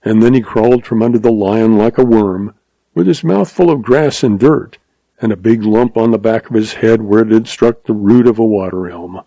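A man reading a story aloud in measured, scripted narration. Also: fairly low pitch, dark tone, dry recording, low-quality recording. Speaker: audiobook narrator.

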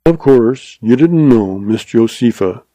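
A man's voice: medium pitch, expressive, measured pace, dark tone, no echo, close to an everyday voice. A man doing a drawling young cowboy. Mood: sly mournful. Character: sly, easygoing young male cowboy.

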